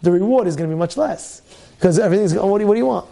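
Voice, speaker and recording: Animated high-voiced rabbi. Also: male voice, racing, gravelly. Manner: animated, rhetorical questions, repeats phrases. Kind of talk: weekly Torah talk.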